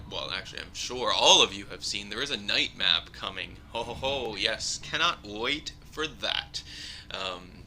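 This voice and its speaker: A man giving casual, rambling live commentary over his own gameplay, chuckling often and filling pauses with ums. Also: fairly low pitch, pushed and bright, slight background noise.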